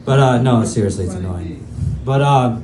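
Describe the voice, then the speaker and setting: A man's voice: mid-range voice, moderate pace, crowd noise. A male stand-up comedian telling crude, self-mocking stories in a loose, rambling way on a comedy club stage. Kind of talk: stand-up set. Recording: roomy club with faint ambience.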